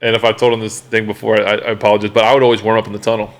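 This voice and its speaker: A man in his forties hosting a casual chat at a bar, telling stories with quick laughs. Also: fairly low pitch, flat delivery. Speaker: podcast co-host, former quarterback.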